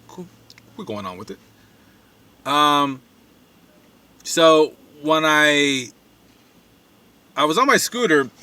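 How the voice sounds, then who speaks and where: A man's voice: fairly high pitch, pushed and bright. A man vlogging alone on a phone camera, telling a story in a loose, rambling way full of fillers and quoted asides. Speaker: van-dwelling traveling vlogger. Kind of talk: casual storytelling monologue. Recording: voice slightly distant from the mic.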